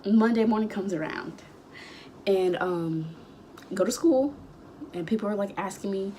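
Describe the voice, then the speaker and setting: A teenage girl in a casual storytime vlog with a mid-range voice, rambling through her story and jumping into the lines of everyone in it. Her pitch shoots up sharply whenever she gets worked up. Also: moderate pace, long pauses, a little hiss or hum. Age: late teens. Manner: animated, rambling storytelling with sudden high outbursts; acts out quoted dialogue. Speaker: vlogger.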